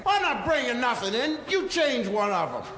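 A man's voice: extremely high pitch, very animated, moderate pace, full character voice. A man playing a frazzled six-hundred-year-old Noah, whiny and complaining, in a roomy live recording with background noise. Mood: exasperated.

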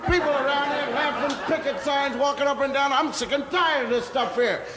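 Man doing a grumbling old Noah, high whiny voice, echoey hall tape. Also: fairly quick, crowd noise. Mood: exasperated. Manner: whiny, complaining, rambling. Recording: roomy hall recording with background noise.

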